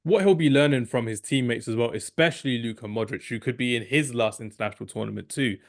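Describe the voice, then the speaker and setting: A man co-hosting a football podcast, chatting casually and cracking jokes. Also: medium pitch. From England. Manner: jokey, chatty, rapid asides. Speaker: podcast co-host.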